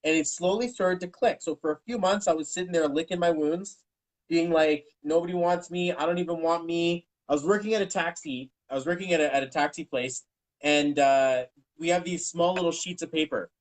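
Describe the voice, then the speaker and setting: Man, 30s, interview guest, fairly high voice, frank, rambling, candid storytelling. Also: fairly quick, rough recording. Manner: rambling and frank, acting out quoted dialogue.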